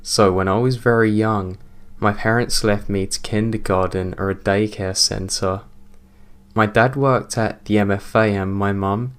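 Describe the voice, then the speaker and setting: A man narrating a true story from his childhood in a plain, measured way. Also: fairly low pitch, fairly even intonation, clear, resonant tone.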